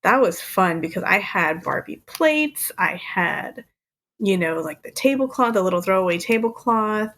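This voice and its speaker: A woman's voice: mid-range voice, expressive, moderate pace, a bit bright. A woman in her thirties co-hosting a podcast, chatting casually and laughing often as she recounts things. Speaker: podcast co-host. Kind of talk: casual chat.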